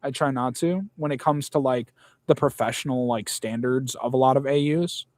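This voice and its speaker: A man's voice: medium pitch, steady tone, moderate pace, a little mellow, no echo, clean studio sound. A young man in casual chat, blunt and rambling, swearing often.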